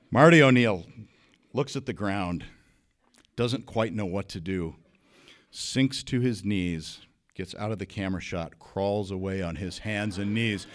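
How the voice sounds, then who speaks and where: A man from Minnesota telling a comic story in a lively, animated way. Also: on the low side. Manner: lively, animated telling with big swings in loudness.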